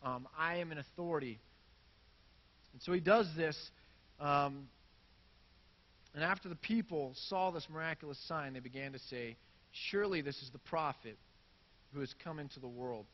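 A man's voice: a little high, normal speed, pauses often, dull audio. A man preaching a sermon in a casual, conversational way, reading scripture and acting out the crowd's reactions. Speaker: pastor.

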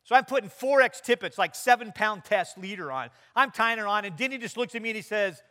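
Man, pastor, sermon, high bright voice, storytelling with humor. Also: animated, brisk, few pauses. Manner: storytelling with quoted dialogue and humor.

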